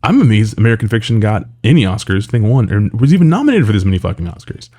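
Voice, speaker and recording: A man with a low, mellow voice rants in loose commentary, swearing freely and packing his talk with fillers. He sounds sarcastic and exasperated throughout, with a relaxed tone even when he is heated. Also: fast. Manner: profane, exasperated, sarcastic, lots of filler words. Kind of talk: casual ranting commentary.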